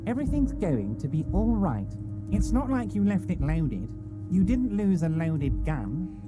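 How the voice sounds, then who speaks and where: A woman voicing a smooth-talking, falsely reassuring middle-aged male union boss in a video game, over music. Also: fairly low pitch, very animated, unhurried. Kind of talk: voicing a game character with friends.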